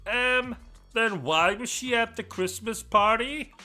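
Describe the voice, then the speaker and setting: A man's voice: extremely high pitch, slow pace, sharp tone, soft background music, pitched above the performer's own voice, heavily acted. A man voicing a meek, hesitant male sidekick who opens with uh and um. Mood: timid.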